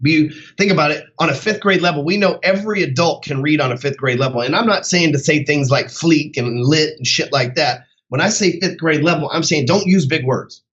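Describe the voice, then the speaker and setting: A man's voice: a little high, fairly quick, few pauses, a bit bright, muffled recording. A man who coaches sales, giving a casual motivational talk in a blunt, heavily profane way.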